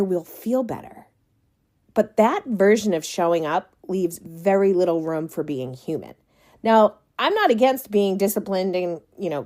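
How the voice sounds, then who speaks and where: A woman hosting her own wellness podcast, talking in a soft, slow, reassuring way with small laughs. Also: medium pitch. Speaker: podcast host and coach. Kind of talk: gentle reflective podcast monologue.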